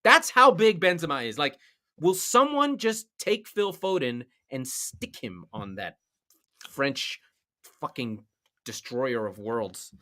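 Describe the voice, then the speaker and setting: A man co-hosting a podcast, chatting casually about soccer, getting excited and swearing when worked up. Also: a little high, slow pace. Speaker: podcast co-host. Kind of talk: casual sports chat.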